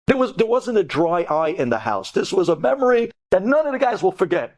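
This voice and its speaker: A man, a rabbi telling an inspirational story, animated and swinging between hushed and soaring tones, with Hebrew terms mixed in. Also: high voice, brisk, hardly any pauses. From United States. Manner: sprinkles Hebrew terms into speech.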